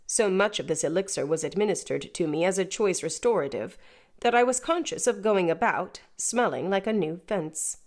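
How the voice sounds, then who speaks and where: Woman narrator, measured and even, reading a classic novel aloud. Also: medium pitch. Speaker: audiobook narrator. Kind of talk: scripted narration.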